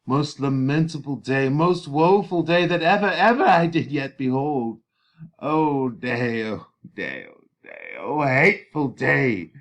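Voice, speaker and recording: A man's voice: mid-range voice, sing-song, slow pace, voice pushed up. A man reading aloud the part of a grieving old nurse, wailing repeated laments. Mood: lamenting.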